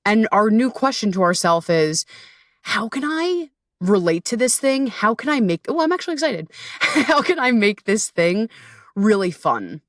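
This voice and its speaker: A woman's voice: mid-range voice, dry recording, studio quality. A woman in her thirties hosting a casual self-help podcast, bubbly and candid, swearing freely and playfully. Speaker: podcast host and coach.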